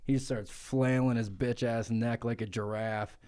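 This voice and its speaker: A man's voice: medium pitch, steady tone, unhurried, darkish tone. A young man co-hosting a podcast who tells an absurd comic story in profane slang and keeps laughing through it. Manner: giggly, profane, breaks into laughter. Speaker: podcast co-host.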